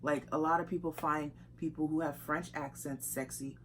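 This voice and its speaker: Animated young woman chatting casually. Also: low-pitched, normal speed, a little hiss or hum. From United States. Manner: animated, emphatic, laughs often. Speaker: vlogger. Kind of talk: casual couple chat.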